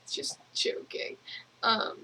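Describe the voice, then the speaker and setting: A young woman rambling casually in a video journal, giggling often and filling pauses with ums. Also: pushed and bright, slight background noise, rough recording. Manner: rambling, giggly, lots of fillers. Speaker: vlogger.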